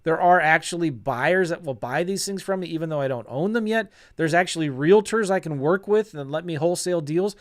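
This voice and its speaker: A middle-aged man talking casually as a real estate coach, telling a story and acting out old conversations with a self-deprecating, animated manner. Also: fairly high pitch, brisk, hardly any pauses. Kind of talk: casual storytelling to an online audience.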